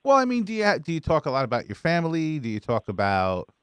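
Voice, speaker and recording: A man's voice: on the high side, huge pitch swings, quick pace, clear, resonant tone, dry recording, studio quality. Crude, jokey male interview host. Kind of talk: casual interview chat.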